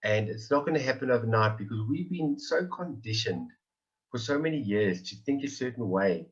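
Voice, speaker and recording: A man's voice: medium pitch, animated, normal speed. Earnest man in his forties, lo-fi. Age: 40s. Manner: earnest, repeats phrases for emphasis. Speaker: member giving a testimony. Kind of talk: emotional personal testimony on a call.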